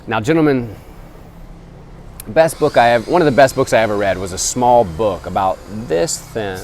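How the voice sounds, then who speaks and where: A man vlogging outdoors beside a temple, talking earnestly to camera as he calls his listeners gentlemen. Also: fairly low pitch, lively intonation, normal speed, slight background noise. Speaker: travel vlogger. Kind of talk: casual motivational talk to camera.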